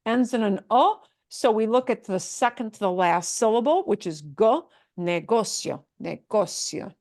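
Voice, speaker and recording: A woman teaching a Spanish pronunciation lesson, repeating words slowly and playfully. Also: a little high, lively intonation, darkish tone, no room sound, clean studio sound.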